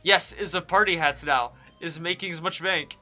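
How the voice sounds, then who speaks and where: Man doing a talking cabbage, broken chanting speech, bright tone, slightly high. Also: normal speed, soft background music. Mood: eager.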